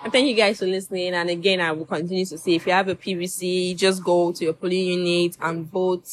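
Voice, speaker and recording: A woman's voice: fairly low pitch, fairly even intonation, quick pace. A young woman with a Nigerian accent hosts a loose, playful podcast chat. She teases, laughs a lot and mixes pidgin into her English. A faint noise sits behind her voice. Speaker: podcast host. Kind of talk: casual chat.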